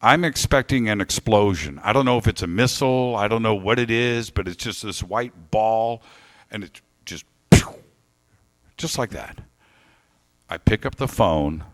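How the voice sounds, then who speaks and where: Guy on stage, bit low voice, animated storyteller talking to the crowd. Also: moderate pace. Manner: animated storytelling, warm thanks. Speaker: radio host giving a talk. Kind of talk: live talk to an audience. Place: lecture hall with audience.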